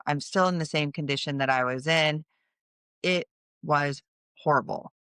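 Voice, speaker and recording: A woman's voice: low-pitched, normal speed, fairly bright tone, clean tone, dry recording, clean studio sound. A middle-aged woman hosting a podcast, earnestly telling a personal story in a conversational way and explaining things as she goes. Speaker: podcast host.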